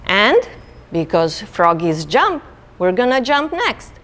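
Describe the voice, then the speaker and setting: A woman's voice: medium pitch, very animated, slow pace, fairly bright tone, long reverb tail. A woman librarian leading a children's storytime, reading aloud and asking young listeners questions.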